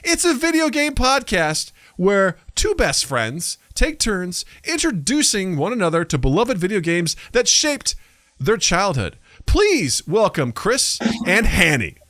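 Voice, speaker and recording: A man's voice: high-pitched, wildly swooping pitch, a little slow, a bit bright, no room sound, clean studio sound. A man hosting a podcast in a casual, goofy, self-mocking way. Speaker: podcast host.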